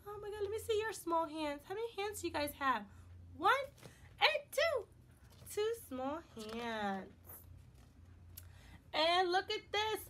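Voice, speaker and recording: A woman teaching young children in an online circle-time lesson, talking in a sing-song, encouraging way and spelling words out slowly. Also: high voice, pushed and bright. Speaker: preschool teacher.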